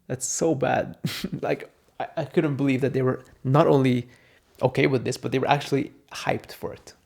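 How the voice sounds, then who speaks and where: Gravelly young man ranting bluntly. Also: mid-range voice, fairly even intonation, moderate pace, a little mellow. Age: young adult. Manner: blunt, sarcastic and profane, with mocking quoted voices. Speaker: vlogger. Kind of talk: casual ranting monologue.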